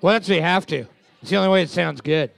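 A man with a high, gravelly voice riffs as a co-host, firing off wisecracks and deadpan tall tales. He swears casually. The sound is dry and close. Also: quick pace, no room sound. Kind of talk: casual comedic banter.

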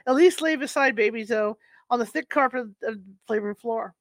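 A woman reads an audiobook in a steady voice, with the occasional slip and restart. Her voice sits a little high and the recording is close and dry. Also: a little fast, no room sound. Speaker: audiobook narrator. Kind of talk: audiobook narration.

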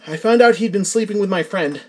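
A hesitant young adult, as a male reader voices the story's hero, speaking a bit higher than his plain reading voice. The talk comes in halting bursts with stammers and restarts, over faint soft music. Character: hesitant young adult narrator-protagonist, tearful.

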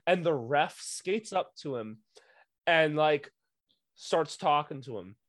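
Young guy coach ranting about a hockey game, cursing a lot, kinda high voice, dry close sound. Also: takes it slowly, dry recording. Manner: profane, animated storyteller. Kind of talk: casual podcast storytelling.

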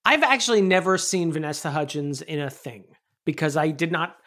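A woman in her thirties co-hosting a podcast, chatting casually about a movie in a sarcastic, animated way with mocking asides. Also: sits low, a little fast. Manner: animated, sarcastic, swings into exaggerated mocking quotes. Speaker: podcast co-host. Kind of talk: casual movie review chat.

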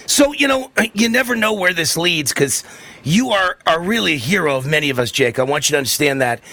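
A fervent male talk radio host with a bright, forceful voice that drives every point home through repetition. The sound is dry and close, with no room around it. His talk runs indignant and emphatic. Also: fairly high pitch, lively intonation, fairly quick, no echo. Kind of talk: political talk radio commentary.

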